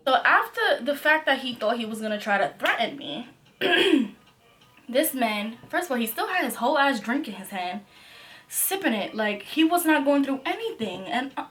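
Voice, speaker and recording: A young woman vlogger telling a storytime tale in a profane, animated way, saying "like" constantly. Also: sits high, moderate pace, soft background music. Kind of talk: storytime vlog.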